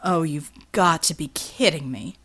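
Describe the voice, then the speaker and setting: A woman's voice: sits low, a little slow, fairly bright tone, husky, pitched below the performer's own voice, full character voice. A woman voicing a sardonic, wisecracking male gunslinger hero in an audiobook. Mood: wry. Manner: sardonic, dry quips.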